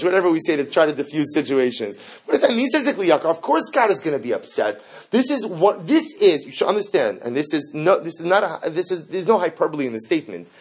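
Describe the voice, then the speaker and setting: Husky guy giving a torah class, lots of rhetorical questions, kinda high voice. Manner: animated, rhetorical questions, mixes Hebrew terms. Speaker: rabbi teaching Torah.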